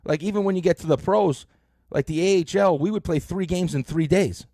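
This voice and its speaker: A middle-aged man hosting a sports radio show, telling stories in an animated way with lots of fillers, on a close studio mic. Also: high voice, a little fast, no room sound. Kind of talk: casual sports talk.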